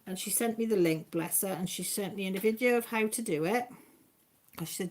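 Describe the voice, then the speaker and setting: A chatty woman talks casually through a crafting live stream at home. Her voice sits at an ordinary middle pitch as she rambles from one thing to the next and calls out to viewers by name. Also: fairly quick, a little mellow.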